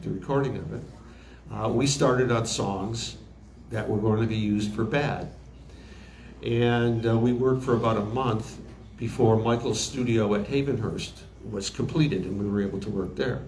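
A man's voice: medium pitch, darkish tone, a little hiss or hum. A man in his sixties, a recording engineer, telling stories in an interview with many fillers and restarts. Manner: halting, frequent fillers and restarts. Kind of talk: interview storytelling. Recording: roomy echo with faint background ambience.

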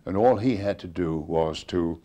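A man's voice: low voice, moderate pace, mellow. An older man recounting stories earnestly in an interview, voicing quoted commands with emphasis.

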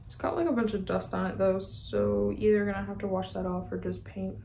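A woman's voice: medium pitch, little pitch movement, a little fast, vocal fry, mellow. A woman hosting a casual unboxing vlog, chatty and gushing, with lots of filler words. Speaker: vlogger unboxing model horses. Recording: echoey room with faint background noise.

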